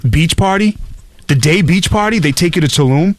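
A man's voice: on the high side, normal speed, no room sound. A man from Boston hosting a podcast, telling stories animatedly and going on passionate rants. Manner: animated storyteller, acts out voices, prone to rants. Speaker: podcast host. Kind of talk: casual chat.

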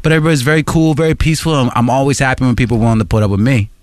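A man's voice: medium pitch, steady tone, rapid-fire, no echo, clean studio sound. A man co-hosting a podcast, telling a story in laid-back, slangy banter full of laughs. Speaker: podcast co-host. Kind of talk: casual chat.

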